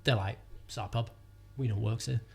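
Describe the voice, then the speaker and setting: A young man tells a story in loose, casual chat. He rambles and swears freely, fills every gap with "like", and his voice sits at an ordinary middle pitch. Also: fairly even intonation, moderate pace, creaky, breathy edge. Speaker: comedian guest. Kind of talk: casual anecdote telling.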